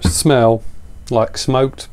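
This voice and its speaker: A man's voice: medium pitch, flat delivery, very slow, a little mellow, clean tone. A man, a little out of breath, chatting casually and enthusiastically as he reviews a beer on camera.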